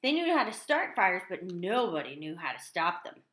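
A woman reading a children's picture book aloud in an animated, expressive way. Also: on the low side, normal speed. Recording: echoey room.

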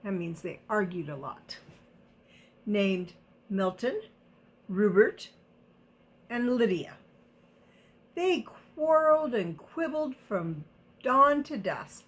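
A woman reading a picture book aloud to children, gently stopping to explain words and ask questions. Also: medium pitch, animated, slow pace, long pauses. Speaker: storybook reader.

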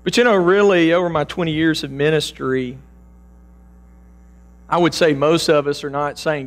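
A man in his forties preaching a sermon in a church, earnest and halting, often repeating his words. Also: a little high, fairly even intonation. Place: church sanctuary.

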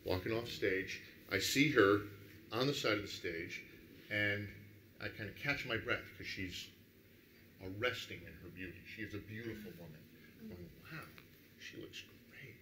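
A middle-aged man, a radio DJ, telling animated anecdotes at a dinner table and acting out the people he quotes. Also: fairly low pitch, normal speed, slight background noise. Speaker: radio DJ guest. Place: restaurant dining room. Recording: echoey room.

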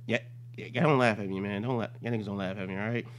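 A man's voice: lowish voice, fairly even intonation, very fast, slight background noise. A man telling a comic, profane story on a casual podcast. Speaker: storyteller guest.

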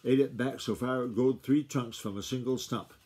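Man doing a gruff old country farmer grandfather: rustic drawl, warm, slightly husky. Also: medium pitch, fairly even intonation, moderate pace, natural voice. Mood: gentle. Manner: rustic drawl, blustery then gentle.

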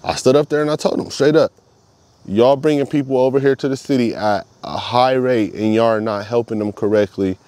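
A man's voice: mid-range voice, brisk, darkish tone, dry recording. A man talking straight to camera in a casual monologue, swearing a lot and repeating himself for emphasis. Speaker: vlogger.

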